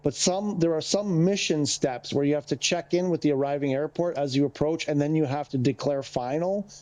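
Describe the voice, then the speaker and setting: This flight-game streamer's voice is fairly high and a little mellow, and he talks a bit fast. Slightly winded, he wanders chattily through the radio procedure over his headset mic in easygoing gameplay commentary.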